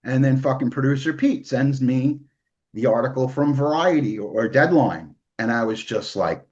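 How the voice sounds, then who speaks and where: A man's voice: mid-range voice, normal speed, darkish tone, highs cut off. A man from New hosting a podcast, talking emotionally and swearing freely in casual chat. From New York. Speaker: podcast host.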